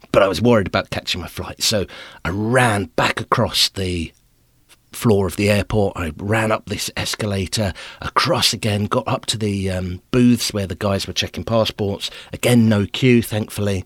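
A male podcast host spinning a self-deprecating comic story, animated and quick to laugh at himself. His voice sits low with a husky grain, recorded close in a dry space. The telling moves between rushed panic and drawn-out emphasis. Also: no room sound.

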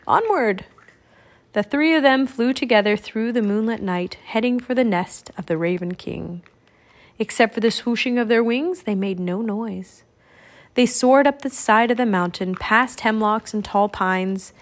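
A woman narrating a children's audiobook with clear, expressive storytelling. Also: fairly high pitch, normal speed. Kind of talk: audiobook reading.

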